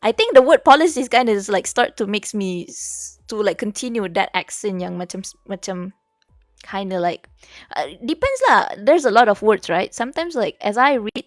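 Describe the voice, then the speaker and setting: Woman, Malaysian English accent, native Malay speaker, casual streamer chat, code-switching, fairly high voice, dry close sound. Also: no echo. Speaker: VTuber streamer. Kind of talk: casual live-stream chat and reading aloud. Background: faint background music.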